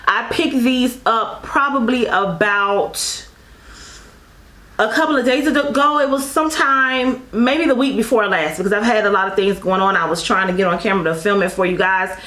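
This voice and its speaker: A woman's voice: mid-range voice, normal speed, fairly bright tone. A woman reviewing makeup in a casual, effusive way, calling her viewers girl and honey and often apologizing in rambling asides. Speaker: beauty vlogger. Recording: echoey room.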